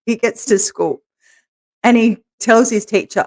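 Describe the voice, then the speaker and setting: A woman co-hosting a podcast, telling candid stories in a relaxed way and laughing as she goes. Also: fairly high pitch, slow pace. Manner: laughs through her stories, animated quoting. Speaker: podcast co-host, interviewed as guest. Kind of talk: candid conversational storytelling.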